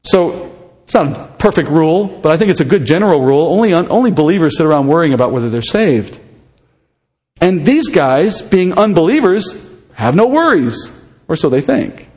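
A man's voice: a little high, sing-song, normal speed, darkish tone. Conversational male preacher in a reverberant hall. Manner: conversational, asks the listeners questions. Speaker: pastor. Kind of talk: expository sermon.

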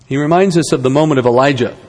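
A man's voice: mid-range voice, very fast, long reverb tail. A man giving a conversational Bible lesson, with rhetorical questions and wry asides. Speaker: Bible teacher.

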